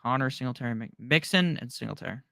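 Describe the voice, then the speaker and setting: A man hosting a live stream, casually reading out viewer questions and firing back quick, offhand answers with slang. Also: medium pitch, expressive, vocal fry, bright, forceful tone, dry recording, clean studio sound. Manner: rapid-fire, offhand answers with slang and the odd curse. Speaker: fantasy football live-stream host.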